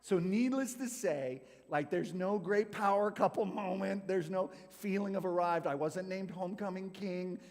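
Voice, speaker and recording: A man from California talks to a youth group, telling a story from his own life in a loose, chatty way full of "like" and "right?". His voice sits a little high for a man. The sound carries a long hall reverb. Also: normal speed, few pauses, a little mellow.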